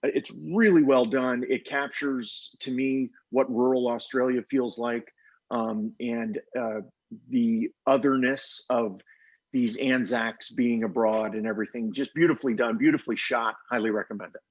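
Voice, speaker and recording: A man recommending titles on a panel, speaking softly and hesitantly with plenty of ums. His voice is husky, and the video-call audio sounds dull and muffled. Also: medium pitch, fairly even intonation, normal speed. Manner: hesitant, soft-spoken, many fillers. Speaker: author on a panel. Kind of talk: casual panel discussion.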